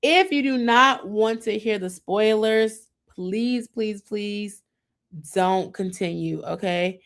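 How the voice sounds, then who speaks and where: A woman's voice: mid-range voice, slow pace, a bit bright. A young adult woman hosting a casual TV recap show, talking in a chatty, rambling way and mimicking the people she describes. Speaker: podcast host.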